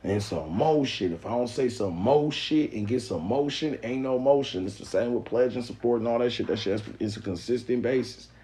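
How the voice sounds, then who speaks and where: A man from the Mississippi Delta, giving a profane, animated live-stream lecture to his viewers. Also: mid-range voice, moderate pace, few pauses, rough recording. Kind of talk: casual live-stream monologue.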